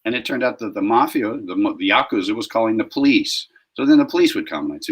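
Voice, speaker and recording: A man's voice: fairly low pitch, expressive, fast talker, hardly any pauses, slightly rough, poor audio. A man, a street performer guest, telling stories in a casual interview and acting out confrontations with emphasis.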